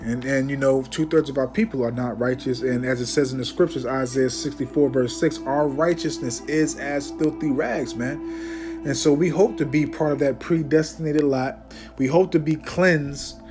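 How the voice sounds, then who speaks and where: A man teaching scripture informally, emphatic and preachy, often tagging his sentences with "man" and "okay?", and slowing down to declaim Bible verses. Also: mid-range voice, fairly even intonation, music in the background. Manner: reads Bible verses aloud in a slower, declaiming voice.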